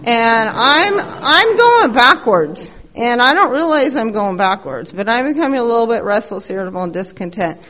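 A middle-aged woman tells her recovery story at a meeting. She talks in a fairly high voice, candid and blunt, swearing freely and poking fun at herself. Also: very animated, moderate pace, hardly any pauses, bright, forceful tone. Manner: candid, blunt, profane, self-mocking. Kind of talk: personal recovery share.

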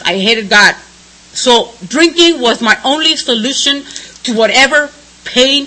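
Bright, high-voiced woman telling her story. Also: poor audio. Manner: candid and blunt, swinging between somber and laughing. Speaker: speaker sharing her recovery story. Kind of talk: personal testimony at a recovery meeting.

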